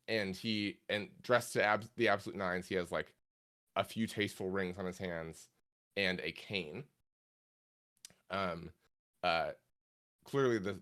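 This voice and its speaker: A man running a tabletop game as game master, narrating haltingly with many fillers. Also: low-pitched, fairly bright tone.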